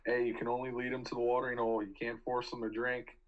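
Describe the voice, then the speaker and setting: Flat-voiced male host, dull audio. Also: medium pitch, fast. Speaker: podcast host. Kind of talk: casual podcast chat.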